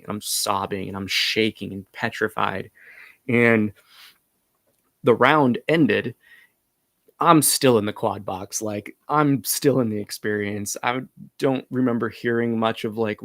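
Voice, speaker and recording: A man earnestly recounting a personal breathwork experience, halting and full of fillers. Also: fairly low pitch, a bit bright, no room sound. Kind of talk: personal storytelling.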